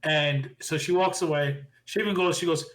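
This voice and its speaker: A man co-hosting a podcast, casually recapping wrestling shows with animated opinions. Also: on the high side, poor audio. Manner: animated, quick recapping with impressions of quotes. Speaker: podcast co-host.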